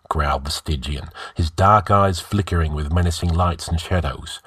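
A man narrating a fantasy story for an audio fiction show in a measured, deliberate way. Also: deep voice, fairly even intonation, husky, dry recording, clean studio sound.

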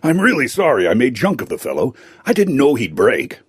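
A man's voice: medium pitch, wildly swooping pitch, brisk, breathy edge, no echo, clean studio sound. A man doing a blustering gnome king. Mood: anxious. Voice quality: blustering, shouting then meek. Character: furious, greedy, cowardly male gnome king.

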